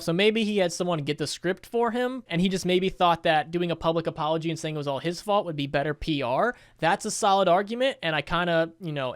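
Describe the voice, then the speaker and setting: A man with a high voice reacts to a video in casual commentary, blunt and profane, often breaking into laughter. The recording is dry with no room sound. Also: a bit bright, clear, resonant tone, no room sound. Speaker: gaming YouTuber reacting to a video.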